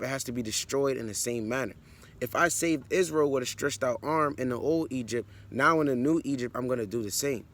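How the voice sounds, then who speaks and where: A man teaching the Bible in a blunt, conversational preaching style. He reads scripture aloud, then explains it, and keeps checking in with "all right" and "man.". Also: mid-range voice.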